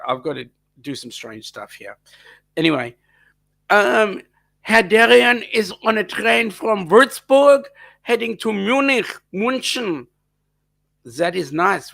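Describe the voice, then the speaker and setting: Gravelly man hosting a live chat. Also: sits high, lively intonation, unhurried, bright, forceful tone. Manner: chatty, repeats himself, many ums. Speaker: live stream host. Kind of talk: casual chat reading viewer comments.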